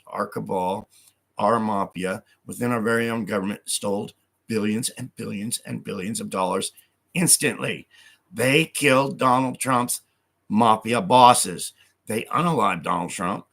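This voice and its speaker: A man's voice: mid-range voice, gravelly, fairly bright tone. A man on a live stream who reads hostile comments aloud and answers them in an angry, profane rant, speaking of God with heavy conviction.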